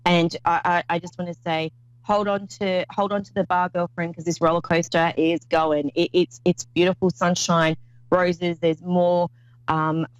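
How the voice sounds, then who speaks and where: A woman's voice: lowish voice, flat delivery, normal speed, clean tone, no room sound, poor audio. Rambling woman psychic. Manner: rambling, effusive, many restarts. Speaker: psychic medium host. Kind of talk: call-in psychic reading.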